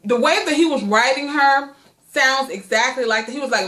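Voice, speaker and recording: A woman's voice: high voice, normal speed, bright, forceful tone. A woman vlogging in a casual chat, blunt and profane, rambling and long-winded. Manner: profane, blunt gossip commentary. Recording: echoey room.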